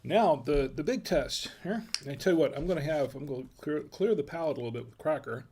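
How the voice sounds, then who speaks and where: A man's voice: fairly high pitch, fairly quick, darkish tone, slight background noise. An American man hosting a casual wine tasting, chatty and folksy, murmuring as he samples food and wine. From United States. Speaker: wine review host.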